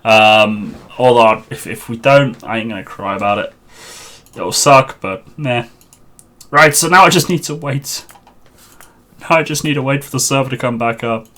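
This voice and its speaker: A man's voice: mid-range voice, moderate pace, bright, forceful tone. A man streaming a game live, chatting and muttering to himself on a headset mic while he sorts out a server.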